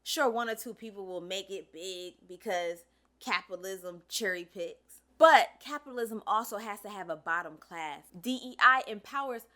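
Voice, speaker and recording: Sassy woman host, blunt and cussing, bright tense voice. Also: medium pitch, normal speed. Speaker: commentary show host. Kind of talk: casual social commentary.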